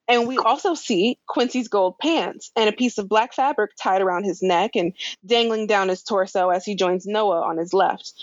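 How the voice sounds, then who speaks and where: A woman's voice: mid-range voice, dry recording. Chatty woman recapping a show, dry lo-fi sound. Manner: animated storytelling with laughs and slangy asides. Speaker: podcast co-host recapping a show. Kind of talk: casual chat.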